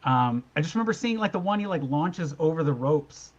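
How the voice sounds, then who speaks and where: Male co-host, higher-pitched, detail-oriented talker, dull lo-fi recording. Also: expressive, brisk. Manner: detail-focused, filler-heavy, uses "like" often. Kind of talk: casual chat.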